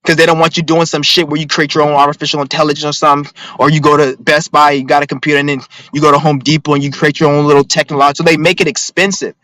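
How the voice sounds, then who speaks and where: A man's voice: fairly high pitch, flat delivery, rapid-fire, hardly any pauses, sharp tone, dry recording, rough recording. A man ranting to his viewers in a profane, rambling, emphatic monologue, reading out their comments now and then. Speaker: vlogger.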